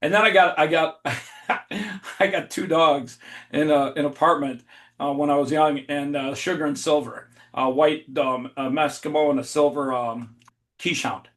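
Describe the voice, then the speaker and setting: Animated, swearing man telling a story. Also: fairly high pitch, measured pace. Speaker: podcast guest. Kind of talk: casual storytelling.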